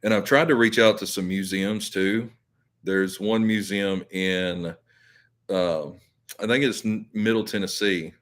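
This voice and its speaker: Low-voiced man chatting live. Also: fairly even intonation, a little slow, fairly bright tone. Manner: rambling, filler-heavy, self-correcting. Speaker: YouTube channel host. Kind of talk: casual live-stream chat with viewers.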